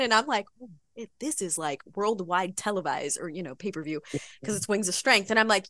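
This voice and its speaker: A woman guest on a podcast, telling an animated story with frequent laughter in a casual chat. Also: mid-range voice, brisk, no echo, clean studio sound. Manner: giggly, animated, laughs often. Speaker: podcast guest, bodybuilding pro.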